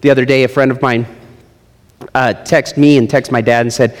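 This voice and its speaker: A middle-aged male pastor delivers a sermon in an animated style, rising to loud, high emphasis and then sinking to low, hushed lines. His voice sits at an ordinary middle pitch for a man. A long reverb trails every phrase, as in a large church hall. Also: a little fast. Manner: animated preaching, swinging between loud high emphasis and low quiet drops.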